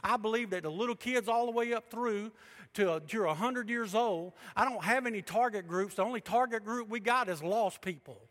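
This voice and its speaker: In a big church hall full of lingering echo, a brisk male preacher with a high, bright voice gives his sermon. This pastor's delivery is emphatic, alternating between booming proclamations and quiet asides.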